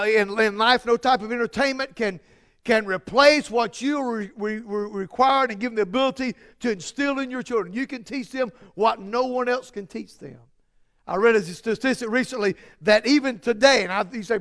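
A man's voice: extremely high pitch, normal speed, a bit bright. A man preaching a sermon, emphatic and repetitive, with frequent restarts and building stress.

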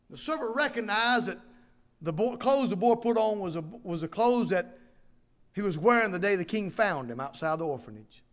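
A man preaching a sermon, telling a long story in a folksy way with fillers and restarts, and reading scripture slowly. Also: high-pitched, a bit bright. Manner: reads scripture in slow, drawn-out cadence. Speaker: pastor.

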